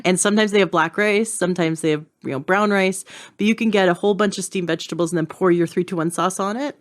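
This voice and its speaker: Chatty woman podcast host, slightly low. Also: fast talker. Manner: chatty, frequent fillers and restarts, laughs easily. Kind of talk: casual conversation.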